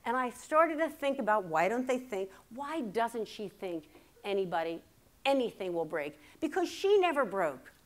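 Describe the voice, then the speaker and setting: A woman's voice: on the high side, big pitch swings, normal speed. A woman in her fifties giving a humorous keynote talk, telling family stories and acting out the quotes. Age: 50s. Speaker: keynote speaker. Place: conference hall before a live audience.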